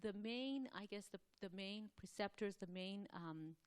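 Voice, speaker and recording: A woman giving a scripture class, talking quickly in a loose, rambling way with many fillers and pauses to clear her throat. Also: mid-range voice. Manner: fast, rambling, loosely structured delivery. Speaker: class speaker at a temple.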